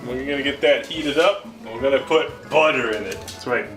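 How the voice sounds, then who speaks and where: A man hosting a casual cooking vlog in his home kitchen, with goofy, deadpan wordplay. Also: medium pitch, normal speed, few pauses. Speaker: cooking show host. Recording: music playing underneath.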